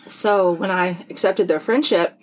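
Candid, husky-voiced woman co-host. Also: on the low side, a little slow, low-quality recording. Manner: candid, sarcastic storytelling with swearing. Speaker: podcast co-host. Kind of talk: casual chat.

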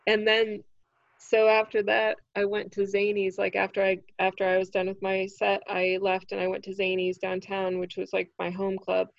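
A woman who is a standup comic, telling a story in casual chat, animated and swearing freely. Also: medium pitch, normal speed, vocal fry, no echo, highs cut off. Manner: animated, acts out quoted voices, swears freely.

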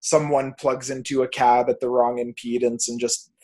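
A man's voice: medium pitch, level tone, normal speed, darkish tone. A young man, a music producer, ranting emphatically and swearing freely as a guest on a podcast. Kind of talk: casual podcast chat.

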